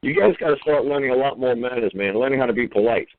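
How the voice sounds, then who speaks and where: A man's voice: medium pitch, fast talker. A man hosting a call-in radio show, scolding and mocking his caller in a profane rant. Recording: tinny phone-line radio audio.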